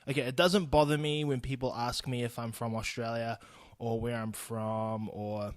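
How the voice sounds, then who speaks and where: A man's voice: mid-range voice, fairly even intonation, normal speed, no echo, clean studio sound. A young man with a New Zealand accent, talking casually and bluntly on his own podcast, laughing and swearing freely. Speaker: podcast host. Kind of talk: casual solo podcast monologue.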